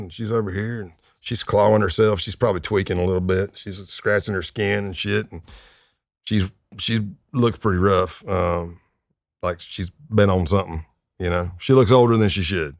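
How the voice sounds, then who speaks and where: Recorded dry with clean studio sound, this low-voiced man speaks at a moderate pace with some vocal fry. He's a retired undercover agent in his fifties, sharing laid-back, wry stories as a podcast guest.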